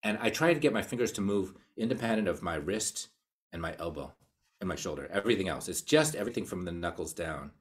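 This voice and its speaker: A man with an American accent giving a casual live online cello lesson, explaining ideas and counting beats out loud. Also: deep voice, expressive, fast talker, husky. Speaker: cello teacher. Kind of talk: live online masterclass talk.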